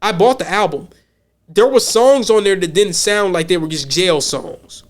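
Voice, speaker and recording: A man from the US hosts a podcast in a high-pitched voice at a moderate pace; his casual, wandering talk is full of repeated words as he starts over.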